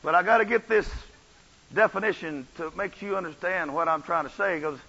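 A man preaching a revival sermon, swinging from soft asides to shouted runs. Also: sits high, fairly quick, husky, lo-fi sound. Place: church.

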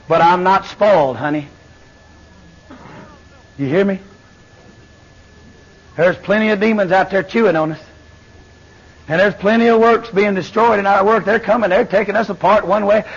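A man preaching a fiery sermon, swinging between shouted lines and low murmurs. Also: breathy edge. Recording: dull lo-fi sermon recording.

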